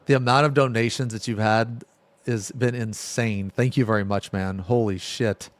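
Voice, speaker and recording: A man's voice: lowish voice, fairly even intonation, normal speed, no echo. A man telling a spooky personal story on a live stream, casual and rambling, full of fillers and swearing. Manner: rambling, profane, filler-heavy.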